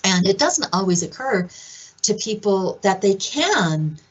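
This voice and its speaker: A woman presenting at a conference, telling stories in an animated way and acting out the quoted voices. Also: mid-range voice, unhurried, breathy edge, muffled recording. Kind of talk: conference talk.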